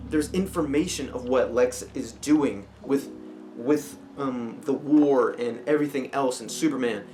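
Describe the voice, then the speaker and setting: A man's voice: mid-range voice, darkish tone. Rambling man reviewing a movie. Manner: rambling, lots of fillers and restarts. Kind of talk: casual spoken movie review. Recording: music playing clearly behind.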